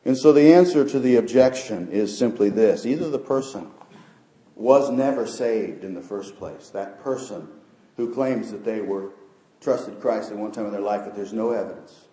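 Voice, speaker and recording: A middle-aged male pastor preaching a sermon and sharing personal testimony, swinging from soft, low asides to loud, high peaks. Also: moderate pace. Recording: roomy church sound.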